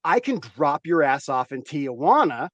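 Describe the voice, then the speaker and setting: Male host, casual chat, swears freely, rambles, slightly high pitch. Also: very animated, no room sound, lo-fi sound. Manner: loose and profane, rambling with quick asides. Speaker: host of a growing show.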